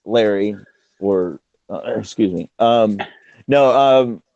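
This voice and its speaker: A man's voice: lowish voice, slow, vocal fry, mellow, dry recording. A man in a casual chat, laid-back and joking crudely. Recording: dry, dull lo-fi audio.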